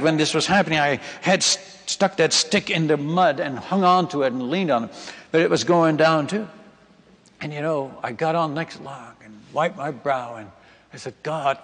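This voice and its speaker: Male preacher, high-ish voice, dramatic sermon storytelling, big hall reverb. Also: fairly bright tone, breathy edge. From Netherlands. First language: Dutch. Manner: emphatic, dramatic retelling that addresses the audience as friends and folks. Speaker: missionary preacher.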